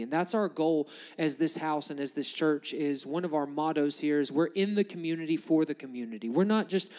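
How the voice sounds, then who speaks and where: Male pastor, high tenor, preaching with passion, drops to hushed pleas. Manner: impassioned, swinging from loud preaching to hushed pleading. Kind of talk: sermon. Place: church sanctuary.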